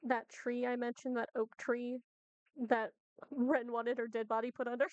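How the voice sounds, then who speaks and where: A woman's voice: a little high, little pitch movement, normal speed, no room sound, highs cut off. A woman playing a tabletop game casually, laughing often. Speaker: player.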